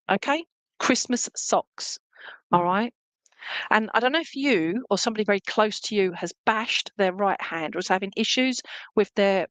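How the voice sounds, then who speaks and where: A woman gives a live clairvoyant reading for an online church service, talking in a chatty, lively way. She keeps checking in with her listener and passes on a spirit's jokes. Her voice sounds dry and close, with no room around it. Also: mid-range voice, no room sound, rough recording. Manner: chatty, keeps checking in with "okay?" and "all right?"; relays a spirit's words in a lively, joking way. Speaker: spiritualist medium.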